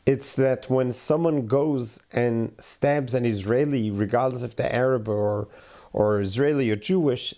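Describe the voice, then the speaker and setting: A male rabbi and host speaks very slowly and deliberately as he explains a clip. His voice is mellow and warm, and he lays out each point with care. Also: medium pitch. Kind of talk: reflective commentary on a clip.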